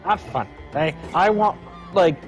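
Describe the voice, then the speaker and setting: A man playing a tabletop game, casual and halting, full of fillers and giggles. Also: sits high, expressive, faint music behind. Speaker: player.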